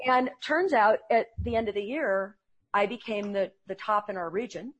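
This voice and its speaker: A woman who trains salespeople, speaking as an interview guest and telling earnest, animated stories. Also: medium pitch, normal speed, lo-fi sound.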